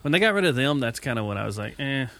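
A man's voice: medium pitch, big pitch swings, racing, bright, forceful tone, slight background noise. Wisecracking podcast co-host, a man. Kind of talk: casual podcast banter.

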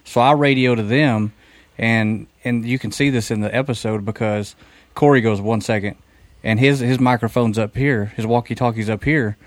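A man's voice: medium pitch, steady tone, normal speed, no echo. Matter-of-fact male podcast guest. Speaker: paranormal investigator guest. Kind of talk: casual storytelling on a podcast.

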